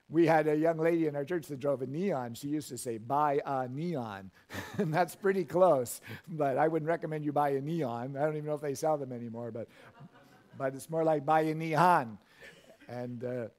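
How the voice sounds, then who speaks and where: A man's voice: mid-range voice, mellow. A middle-aged male pastor preaching a sermon in a church, reading scripture and making folksy asides with frequent chuckles.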